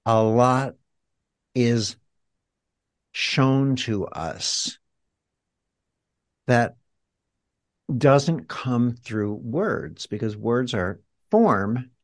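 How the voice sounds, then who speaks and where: Male healer guest, teacherly and guiding, mid-pitched, dry close sound. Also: dry recording. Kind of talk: reflective interview talk.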